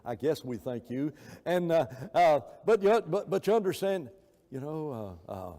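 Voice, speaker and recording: A man's voice: a little high, big pitch swings, normal speed, dark tone, long reverb tail. An older man preaching a sermon in a church, emphatic, repeating words for stress, with frequent fillers. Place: church hall.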